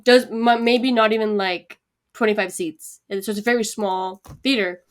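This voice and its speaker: A young woman co-hosting a podcast, telling a story in an animated, casual way with plenty of swearing. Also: medium pitch, normal speed. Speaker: podcast co-host. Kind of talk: casual chat.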